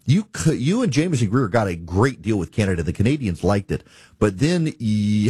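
A man's voice: lowish voice, a little mellow, husky, no echo, studio quality. A man hosting a talk radio show, giving emphatic, exasperated political commentary.

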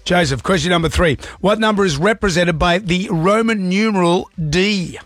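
A man's voice: sits high, fairly bright tone, no room sound, faint music behind. A man co-hosting a drive-time radio show, reading quiz questions and cracking jokes. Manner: jokey, quick quips. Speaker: radio co-host.

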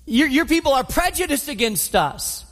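A man's voice: sits high, lively intonation, moderate pace, slightly rough, voice pushed down, exaggerated voice. A man voicing a sarcastic, guarded woman at a well, firing off mocking, skeptical questions. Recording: long hall reverb.

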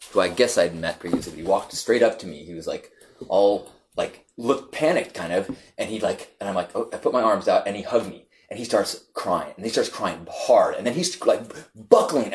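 A man with a fairly low voice talking through a powerful personal story. He stumbles and restarts often, and his delivery swings between soft reflection and animated retelling. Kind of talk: casual storytelling chat.

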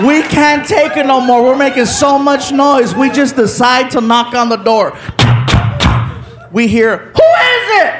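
A man telling a story in stand-up, loud and animated, acting out the people in it with shouts. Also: extremely high pitch, a little slow. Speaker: stand-up comedian. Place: live comedy stage before a laughing crowd. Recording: live show with crowd noise.

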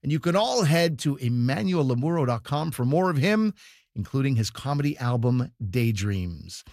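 A man hosting a comedy broadcast, reading smooth scripted introductions. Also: mid-range voice, sing-song, moderate pace, darkish tone, no echo, clean studio sound. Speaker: radio comedy show host.

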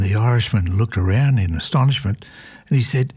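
A man's voice: lowish voice, moderate pace, a little mellow, husky. A man hosting local radio, chatting casually and telling jokes. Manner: chatty, joking, laughs often. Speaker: radio host.

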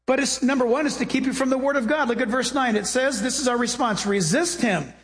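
A man preaching a sermon as pastor, animated and conversational, telling stories. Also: very high-pitched, fast talker, in a large hall.

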